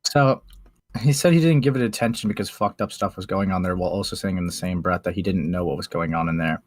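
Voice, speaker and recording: Man, very low voice, sarcastic, swearing, laughs a lot, casual call. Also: fast talker, no echo, studio quality.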